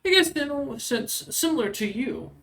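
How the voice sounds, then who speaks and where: A man's voice: very high voice, animated, moderate pace, reverberant, recorded from a distance, a crowd in the background. A man running a tabletop game as game master, narrating casually in a rambling, joking way.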